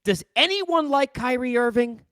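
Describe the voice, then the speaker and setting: New guy ranting about hoops on a headset, high voice, really dry sound. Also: moderate pace, smooth, dry recording. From New York. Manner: animated, ranting, blunt. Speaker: podcast host. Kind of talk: solo sports rant.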